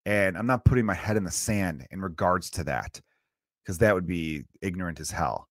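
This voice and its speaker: A man's voice: low voice, normal speed, no echo, studio quality. A man in his thirties from Chicago, hosting a solo podcast and ranting in a profane, preachy way. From Chicago area. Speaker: podcast host.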